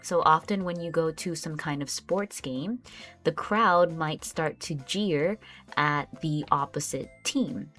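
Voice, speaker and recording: Woman teacher, low voice, unhurried and patient, soft music underneath. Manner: patient, explains words step by step with example sentences. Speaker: English vocabulary teacher. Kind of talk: slow, clear vocabulary lesson.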